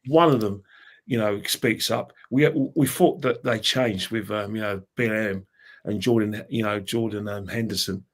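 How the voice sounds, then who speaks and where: A man with a London accent, a panelist in a casual football chat, talking in an opinionated, animated way. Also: on the low side, moderate pace.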